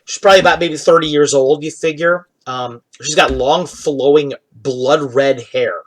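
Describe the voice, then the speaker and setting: A man narrating as game master, describing scenes in a relaxed, halting way with fillers. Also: a little high.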